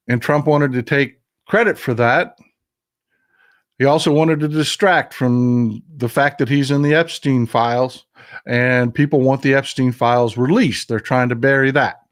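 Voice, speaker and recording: A man's voice: medium pitch, unhurried. Blunt, emotional male livestream host. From Texas. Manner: blunt, emotional, swears, reads viewer comments aloud. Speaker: livestream news commentary host. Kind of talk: casual live news commentary.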